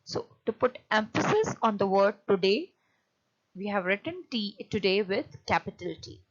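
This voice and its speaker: A woman teacher giving a lecture on punctuation, often pausing and restarting as she explains. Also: medium pitch, big pitch swings, dull audio. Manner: hesitant, many fillers and restarts while explaining.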